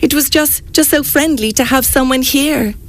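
A tiny, lonely male mouse squeaks his lines in a high, breathless voice, put on by a woman reading a picture book. He sounds shy and eager to help. It is a cosy storybook read on radio. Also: normal speed, close to an everyday voice. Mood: wistful.

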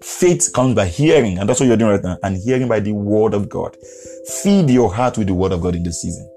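A lower-pitched man with a mellow, relaxed tone delivers a podcast sermon. He preaches earnestly and repeats his points, chuckling between them. Faint music plays behind him. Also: a little fast.

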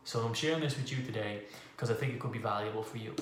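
A man's voice: on the low side, fast talker. A man hosting a podcast, talking through a casual motivational monologue with emphatic rhetorical questions. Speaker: podcast host. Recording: echoey room with faint ambient noise.

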